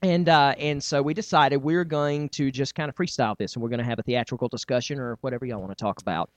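A man hosting a casual comedy podcast, chatty and quick to laugh. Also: mid-range voice, fairly even intonation, dry recording. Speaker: podcast host.

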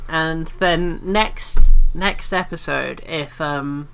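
A man's voice: fairly high pitch, extremely slow, gravelly, bright, forceful tone, a little hiss or hum. A man hosting a podcast in casual chat, talking loosely with frequent laughs and restarts. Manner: chatty, laughs often, trails off in restarts. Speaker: podcast host.

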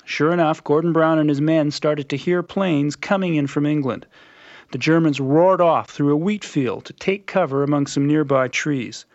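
A man reading scripted documentary narration in a measured, dramatic storytelling manner. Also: on the high side, a little mellow, no room sound. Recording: muffled lo-fi radio recording.

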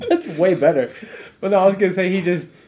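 A man co-hosting a casual podcast chat, with a dry, sarcastic, low-key delivery. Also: wildly swooping pitch, a little fast, warm tone. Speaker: podcast co-host.

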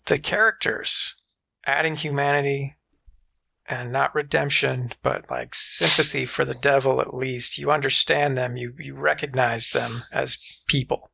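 A man in casual conversation about films, animated and profane, often acting out quoted reactions. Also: mid-range voice, measured pace, vocal fry, breathy edge. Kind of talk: casual film discussion.

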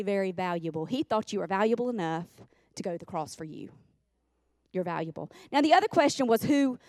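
A woman's voice: medium pitch, no echo, studio quality. A woman preaching a sermon in a church, folksy and repetitive, calling on the congregation to respond. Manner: folksy, repeats lines for emphasis, calls on the congregation. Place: church sanctuary.

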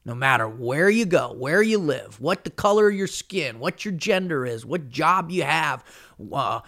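A man's voice: on the high side, expressive, measured pace, fairly bright tone. A middle-aged man giving an earnest, emphatic solo podcast talk as a motivational speaker, often saying "man".

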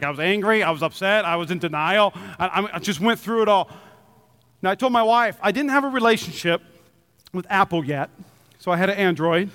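A man preaches to his congregation with a high, bright voice. He tells stories animatedly, jumping into shouted quotes. His voice rings with a long reverb off the church hall. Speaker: pastor. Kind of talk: sermon.

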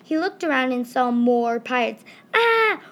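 Young girl reading slowly. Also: a little high. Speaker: story reader. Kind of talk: reading her own story aloud.

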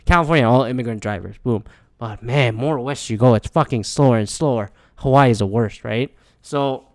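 A man telling a rambling, profane story in a casual monologue, jumping to a higher voice to act out quotes. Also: no room sound, clean studio sound. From lives in Michigan.

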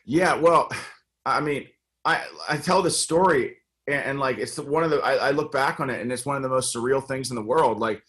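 A middle-aged man from the United States talks through a casual interview, earnest and full of stops and restarts. His voice sits at an ordinary, middle pitch. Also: normal speed, a bit bright. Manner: earnest, many fillers and restarts. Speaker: congressional candidate and guest.

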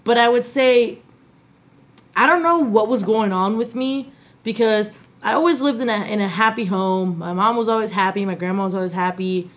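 A woman with a slight New York accent, co-hosting a casual podcast chat, animated and swearing freely. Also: medium pitch, moderate pace. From Tampa, Florida. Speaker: podcast co-host.

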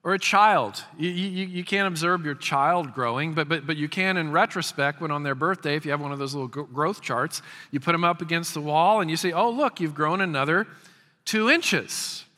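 Pastor in his 50s, fairly high bright voice, emphatic sermon, stutters into phrases, long hall echo. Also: fairly quick, few pauses. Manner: emphatic, repeats words when starting phrases.

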